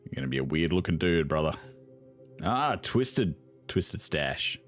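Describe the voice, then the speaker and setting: A man's voice: very deep voice, very animated, measured pace, faint music behind. A young man commentating on a video game in a casual, sarcastic way, swearing freely and laughing often. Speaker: gaming video host.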